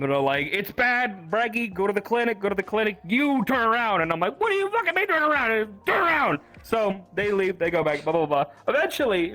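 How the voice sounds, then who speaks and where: A man recapping a roleplay session in casual chat, telling it animatedly and swearing often. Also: a little high. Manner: animated storytelling, swears often, acts out quotes.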